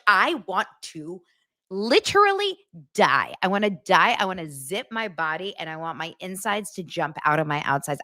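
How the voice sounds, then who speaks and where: A young adult woman dishes celebrity gossip in a casual, over-the-top way, her rather low voice swinging up and down with lively pitch. Her reactions are big and dramatic. The sound is close and dry, with no room echo. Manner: gushing, dramatic, exaggerated reactions. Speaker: celebrity gossip show host.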